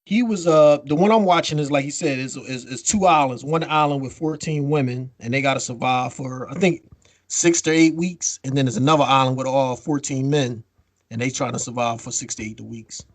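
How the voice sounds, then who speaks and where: A man co-hosting a podcast in casual chat, telling a story with lively acted-out quotes and free swearing. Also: mid-range voice, normal speed, no room sound. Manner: animated storytelling, acts out quotes, swears freely. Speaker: podcast co-host.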